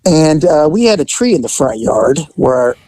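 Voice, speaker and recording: A middle-aged man, a former police officer, casually telling a story, animated, swearing, laughing and acting out the voices of the people in it. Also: a little high, normal speed, no echo, rough recording. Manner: profane, laughing often.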